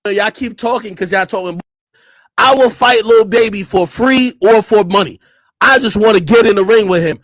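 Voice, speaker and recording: High, husky man, yelling livestream rant, dry close sound. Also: moderate pace, dry recording. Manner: loud, combative, repetitive yelling. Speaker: streamer in a played clip. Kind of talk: ranting livestream clip.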